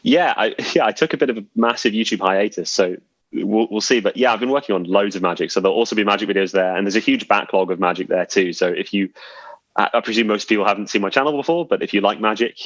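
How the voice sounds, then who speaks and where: Male podcast guest, low, chatty storyteller, dry close mic. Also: quick pace, fairly bright tone, dry recording, dull audio. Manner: chatty, self-deprecating, laughs often. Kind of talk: casual storytelling chat.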